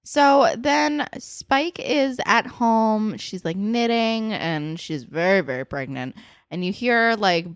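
A woman co-hosting a podcast, chatting casually as she recaps a TV episode, expressive and full of "like" fillers. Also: mid-range voice, slow pace, smooth, dry recording, studio quality. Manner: expressive, swings between bright emphasis and soft asides; frequent "like" fillers. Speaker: podcast co-host.

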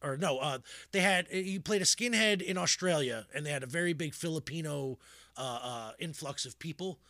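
A man's voice: a little high, moderate pace, no echo, clean studio sound. A man chatting casually about movies, rambling with many restarts and frequent laughter, getting worked up as he goes. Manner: rambling, animated, laughs often, trails off into restarts.

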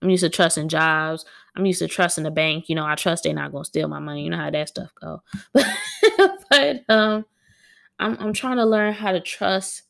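Woman poet, home setting, gravelly voice, dramatic reader who chats between poems. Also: fairly low pitch, fairly bright tone. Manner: dramatic, laughs at herself, talks straight to listeners. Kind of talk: reading her own poems and chatting. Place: at home with a dog on a wooden floor.

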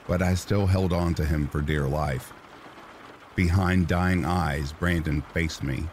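A man reading a horror story aloud in a slow, somber storytelling manner. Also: sits low, darkish tone, slight background noise. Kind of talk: scripted horror narration. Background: rain sounds.

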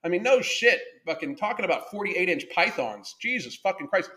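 A man's voice: high-pitched, big pitch swings, a little fast, pushed and bright. A man hosting a livestream, ranting bluntly and swearing constantly, reading viewer comments aloud between tirades. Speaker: livestream podcast host. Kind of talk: profane ranting livestream monologue.

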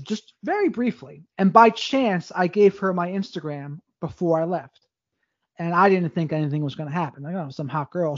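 A man's voice: sits high, a little mellow, dry recording, highs cut off. A man, a podcast guest, telling his life story in a candid, rambling way with frequent restarts. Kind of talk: casual storytelling interview.

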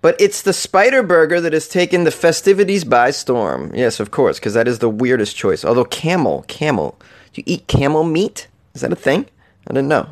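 A man hosting a comedic news show, reading odd stories and riffing on them sarcastically, with casual swearing. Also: mid-range voice. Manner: sarcastic, swears casually, laughs at his own jokes. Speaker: podcast host.

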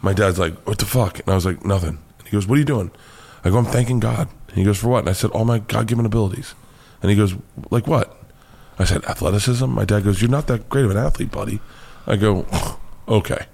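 A male comedian from the United States tells wild stories in a casual interview. He swears freely and gets animated, often breaking into laughter. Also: fairly low pitch, fast, vocal fry, breathy edge. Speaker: comedian guest.

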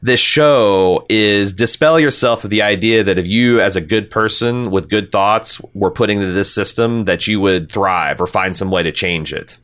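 A man's voice: fairly low pitch, moderate pace, few pauses, fairly bright tone, clear, resonant tone. A man hosting a podcast, talking casually and bluntly, swearing freely as he reads listener comments and gives his opinions. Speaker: podcast host.

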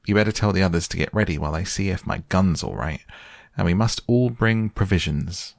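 A man voicing a confident young boy who speaks quickly and carelessly, in a bedtime storybook reading. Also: deep voice, animated, gravelly, no room sound, clean studio sound.

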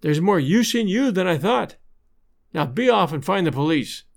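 A man voicing a bold adult male adventurer in disguise who speaks slow, mocking threats. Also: sits high, lively intonation, vocal fry. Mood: dry mockery.

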